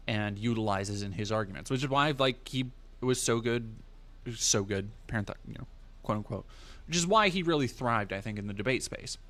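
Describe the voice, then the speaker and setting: A man's voice: on the low side, a bit bright. A man from the United States hosting a livestream, talking casually in a rambling, profane way with many fillers and restarts. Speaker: livestream host.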